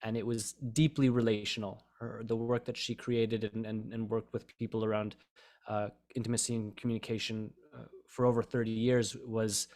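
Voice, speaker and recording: A man's voice: on the low side, flat delivery, normal speed, a little mellow. A man speaking as a project collaborator at an online summit, thoughtful and earnest. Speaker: co-creator and guest speaker. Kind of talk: casual talk at an online summit.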